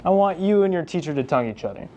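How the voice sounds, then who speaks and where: A man's voice: lively intonation, very fast, darkish tone, a little hiss or hum, lightly acted. A man playing a taunting young gunman in a played clip from an online skit. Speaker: actor in a skit. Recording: dull low-fi video clip audio.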